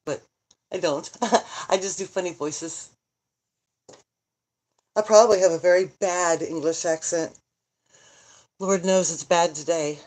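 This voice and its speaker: A middle-aged grandmother talks slowly into her phone, in a slightly low voice. She rambles in a loose, joking way and answers her viewers' comments as they come in. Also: fairly even intonation, darkish tone. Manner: joking, chatty, laughs often, answers viewer comments aloud. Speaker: vlogger, grandmother. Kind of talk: casual rambling livestream chat.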